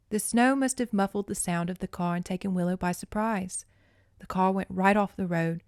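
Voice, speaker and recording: A woman hosting a podcast, reading a children's novel aloud and commenting in a casual, expressive way with swearing. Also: on the low side, normal speed, smooth, no echo, studio quality. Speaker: podcast host.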